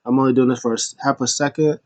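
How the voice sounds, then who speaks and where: A man's voice: medium pitch, level tone, very fast, a little mellow, dry recording. A man casually recapping a wrestling show, rambling with restarts and small chuckles.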